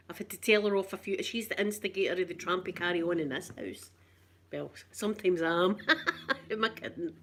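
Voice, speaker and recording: A woman's voice: medium pitch, a bit bright. Chatty Scottish woman, middle-aged. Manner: chatty, laughs often, repeats herself. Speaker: channel host. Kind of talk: casual live-stream chat.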